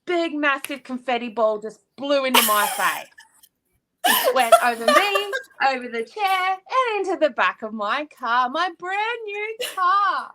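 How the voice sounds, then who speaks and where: Lively high-pitched Australian woman. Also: normal speed, a little hiss or hum. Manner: laughs often, animated storytelling. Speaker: co-host. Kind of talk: casual chat.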